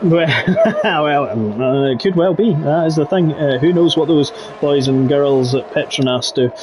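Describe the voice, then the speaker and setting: Excitable high-voiced race commentator. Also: male voice, unhurried, noisy background. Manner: jokey, excitable, laughs between calls. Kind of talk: live sim racing commentary.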